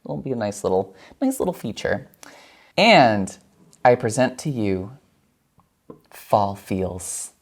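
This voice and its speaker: A man hosts a casual cocktail show, talking through each step with a playful, chatty manner. His voice leaps around in pitch, and he laughs easily. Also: very animated, slow pace, pauses often.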